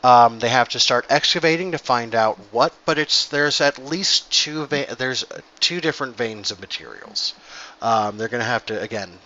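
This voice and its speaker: A man's voice: medium pitch, moderate pace, bright, forceful tone, muffled recording. A man running an online tabletop game as game master, talking casually with many fillers and explaining the rules.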